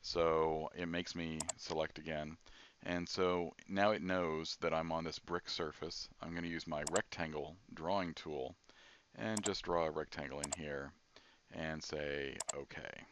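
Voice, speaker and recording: A man giving a screen-recorded software tutorial, thinking aloud with frequent pauses and fillers. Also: a bass voice, steady tone, a little hiss or hum. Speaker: software instructor.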